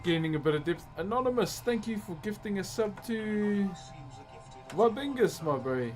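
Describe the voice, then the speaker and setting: A man's voice: sits high, lively intonation, moderate pace, darkish tone, poor audio. A man with a New Zealand accent, live-streaming his wood carving and chatting casually with viewers, calling everyone bro. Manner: laid-back, calls everyone bro. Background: music playing.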